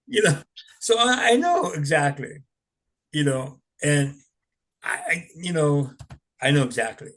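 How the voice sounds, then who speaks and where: A man's voice: on the high side, big pitch swings, takes it slowly, long pauses, a bit bright. An older man telling stories in a rambling, chuckling way, full of "you know"s. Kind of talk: casual storytelling.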